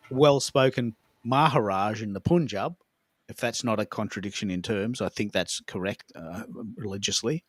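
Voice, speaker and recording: An Australian man hosting a casual chat, lively and joking. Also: mid-range voice, dry recording. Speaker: host.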